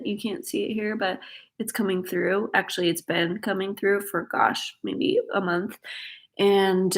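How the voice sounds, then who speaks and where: A pregnant woman hosting a casual livestream Q&A, chatty and giggly as she reads viewer questions aloud. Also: mid-range voice. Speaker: host.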